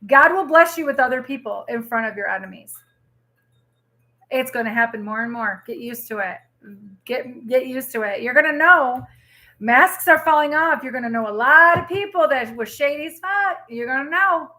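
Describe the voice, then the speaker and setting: A woman giving a casual livestream tarot reading, animated and exclamatory, swearing freely. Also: sits high, normal speed. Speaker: tarot reader.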